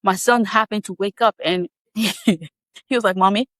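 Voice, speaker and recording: Animated woman telling a story. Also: mid-range voice, no echo. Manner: animated, laughing, quick asides. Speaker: podcast guest. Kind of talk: casual storytelling.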